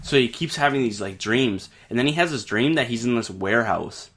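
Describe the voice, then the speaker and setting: Bright-voiced man rambling through a story. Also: medium pitch, expressive, a little fast, slightly rough. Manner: rambling, lots of fillers and swearing. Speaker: podcast co-host. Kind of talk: casual chat, telling a ghost story.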